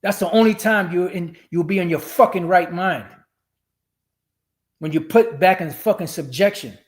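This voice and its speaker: Profane ranting man, higher voice. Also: moderate pace. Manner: profane, rambling, emphatic. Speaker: streamer. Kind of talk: ranting religious commentary.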